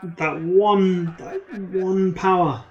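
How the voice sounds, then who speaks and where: A man's voice: high voice, fairly even intonation, extremely slow, muffled recording. A man doing casual commentary on a card game, with teasing, dry banter. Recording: roomy echo.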